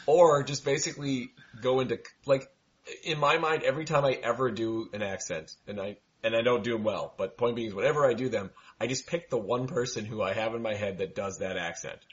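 A man's voice: medium pitch, fairly quick. A man playing a tabletop game with friends, chatting casually, joking and laughing a lot. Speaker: player. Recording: dull lo-fi sound.

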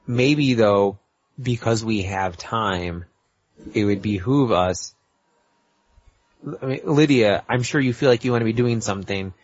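A man's voice: on the low side, measured pace, long pauses. Talkative man planning aloud, lo-fi audio. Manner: talkative, thinks aloud and plans. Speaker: player. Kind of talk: tabletop role-play session. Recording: dull, lo-fi audio.

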